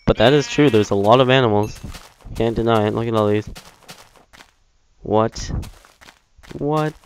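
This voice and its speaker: A young man giving casual, chatty gameplay commentary as a Let's Play gamer, self-mocking and prone to excited outbursts. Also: on the low side, normal speed, slight background noise.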